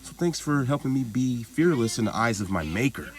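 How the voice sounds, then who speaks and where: A man's voice: medium pitch, animated, fairly quick. A man talking in a casual monologue vlog, rambling and profane, laughing things off as he goes. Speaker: vlogger.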